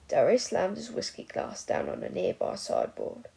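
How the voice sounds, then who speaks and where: A woman narrating a fan fiction story aloud in an expressive audiobook style. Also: sits low, moderate pace, vocal fry, slightly rough, rough recording. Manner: expressive, voices each character.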